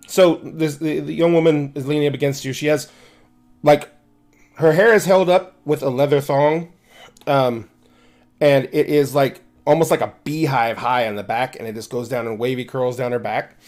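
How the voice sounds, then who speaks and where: Man, game master, tabletop narration, fast, restarts a lot, faint background music. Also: medium pitch, steady tone, darkish tone. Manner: quick, with many restarts.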